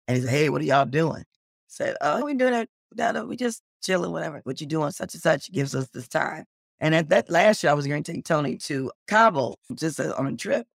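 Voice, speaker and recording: Animated, gravelly-voiced middle-aged woman. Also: brisk, no room sound, clean studio sound. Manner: animated, acts out quoted dialogue with big pitch jumps. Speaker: guest. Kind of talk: casual interview storytelling.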